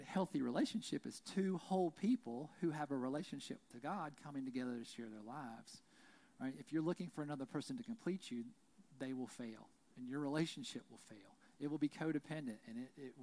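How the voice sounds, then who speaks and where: Male pastor, casual conversational sermon, animated storyteller. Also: medium pitch. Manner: conversational, frequent "right?" tags, animated storytelling. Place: church.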